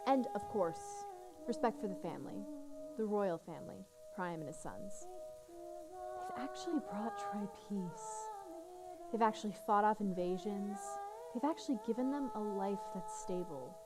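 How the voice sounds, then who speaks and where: A woman's voice: medium pitch, very animated, measured pace. An actress narrating on stage, describing a city and guiding the listener through it in a live theater performance, with music behind her. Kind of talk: theatrical storytelling. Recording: clear music under the voice.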